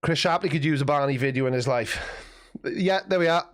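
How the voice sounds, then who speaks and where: A man's voice: fairly high pitch, a little fast, clear, resonant tone. A man hosting a casual livestream, reading chat messages aloud and answering them with wry, self-mocking banter.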